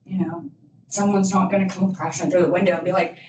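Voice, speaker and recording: A woman in her thirties with a lowish voice speaks candidly to a young audience, rambling and leaning on "you know" between thoughts. The room is echoey and she sounds far from the microphone. A faint hiss sits under her speech. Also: steady tone, fast. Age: 30s. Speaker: alumni speaker. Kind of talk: motivational talk to youth.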